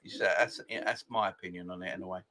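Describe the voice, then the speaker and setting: A man's voice: low-pitched, steady tone, fast talker, pushed and bright. A man, hosting a casual live fan chat, greeting viewers by name and laughing often. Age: 40s. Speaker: football fan channel host.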